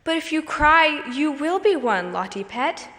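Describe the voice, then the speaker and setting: A woman doing a steady, motherly young girl. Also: high voice, measured pace, voice pushed up, heavily acted. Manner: steady, soothing, composed. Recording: hall reverb.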